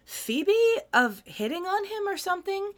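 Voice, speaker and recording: A woman co-hosting a podcast, chatting animatedly as she recaps a TV episode with quick asides. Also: very high voice, very animated, a bit bright. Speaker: podcast co-host. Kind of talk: casual TV recap chat.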